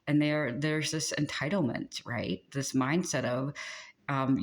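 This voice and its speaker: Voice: medium pitch, slow pace. A host giving a casual channeled spiritual pep talk, chatty and rambling, laughing often and venting frustration. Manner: chatty and rambling, with many fillers and frequent laughs; exasperated and venting.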